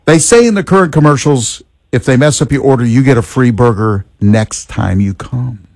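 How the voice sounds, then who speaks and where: A man's voice: mid-range voice, normal speed, darkish tone, dry recording. A man in his sixties co-hosting a talk radio show with dry, wisecracking banter. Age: 60s. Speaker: radio co-host.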